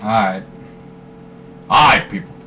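A man giving live commentary over his own shooter gameplay, swearing freely and trash-talking in bursts of excitement. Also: fairly low pitch, a little slow, a little hiss or hum. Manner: profane, excitable trash talk. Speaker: gaming commentator.

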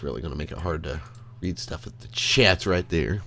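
A man's voice: extremely low pitch, moderate pace, vocal fry, bright, forceful tone, a little hiss or hum. A man streaming a game, rambling to himself in casual commentary and swearing freely from his desk. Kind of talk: casual live gameplay commentary. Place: at a desk by a computer.

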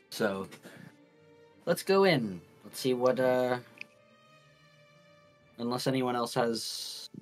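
A man's voice: medium pitch, lively intonation, drawn-out words, pauses often, soft background music. A man playing a tabletop game, talking hesitantly with many "you know"s. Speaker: player. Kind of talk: casual in-character play.

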